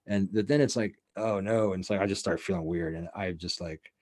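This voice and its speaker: A man's voice: sits low, fairly quick, darkish tone. A man hosting a show, telling a story in a loose, rambling, profane way with lots of fillers. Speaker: show host. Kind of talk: casual storytelling.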